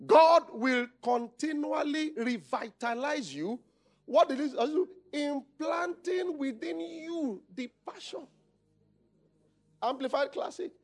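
A man's voice: very high-pitched, slow pace. A Nigerian male pastor preaching a conference sermon, calling out questions for the congregation to answer. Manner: call-and-response, shouting questions.

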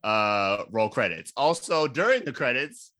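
A man with a bright, clear voice co-hosts a loose film-review chat. He retells scenes animatedly and drops in quick mock quotes. The sound is close and dry. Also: medium pitch, very animated, dry recording. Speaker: podcast co-host.

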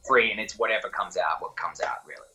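A man's voice: on the low side, quick pace, crowd noise, low-quality recording. A man with an Australian accent, an actor talking casually in an interview, rambling and correcting himself with lots of fillers.

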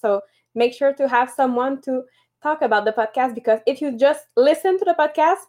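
A woman in her thirties with a high voice and a noticeable French first-language accent co-hosts a motivational podcast. She explains things at a steady, moderate pace, using a few fillers.

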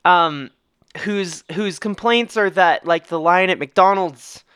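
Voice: mid-range voice, takes it slowly, fairly bright tone, smooth, no room sound. A podcast co-host in casual chat, arguing a point emphatically and swearing freely.

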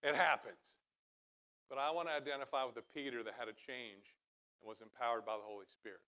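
On a church stage, a middle-aged pastor preaches briskly with a medium pitch and fairly even intonation. What opens as conversation rises into loud, emphatic sections.

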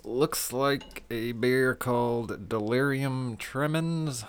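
A man co-hosting a podcast in casual chat, jokey and quick to laugh. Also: medium pitch, clean tone. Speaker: podcast co-host.

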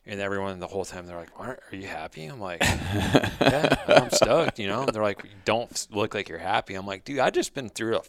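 A man's voice: fairly low pitch, fast talker, few pauses, a bit bright. A young man co-hosting a podcast, talking in a laid-back, blunt way with short agreeing replies. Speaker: podcast co-host. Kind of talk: casual chat.

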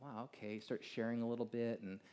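A middle-aged American man speaking to a gathered audience, his voice sitting at an ordinary pitch for a man. He tells his story in a loose, chatty way, full of "you know" and "like", drifting from lively to softer moments. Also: fairly quick. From United States. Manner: casual, animated storytelling with many fillers.

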